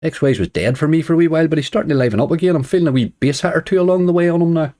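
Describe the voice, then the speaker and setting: A man's voice: on the high side, rapid-fire, dark tone. A man hosting a casual live stream, chatting and greeting viewers one by one with easy chuckles. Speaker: slots streamer greeting chat.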